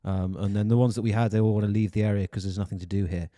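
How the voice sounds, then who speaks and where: A man's voice: lowish voice, steady tone, very fast, dark tone. A man co-hosting a football podcast, joking and dry in casual chat with his brother. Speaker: podcast co-host.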